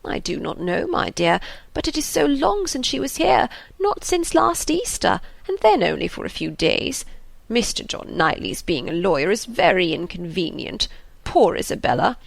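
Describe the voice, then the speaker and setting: A woman voicing a fretful, anxious elderly father in an audiobook, slow and sighing. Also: medium pitch, sing-song, vocal fry, no room sound, heavily acted.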